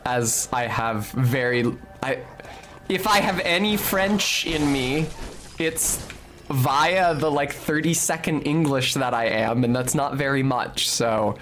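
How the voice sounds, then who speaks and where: A man's voice: mid-range voice, slow, a bit bright, slight background noise. Rambling, foul-mouthed male game streamer. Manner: rambling, joking and profane, with frequent fillers. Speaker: game streamer talking to chat. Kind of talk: casual live-stream chatter while playing.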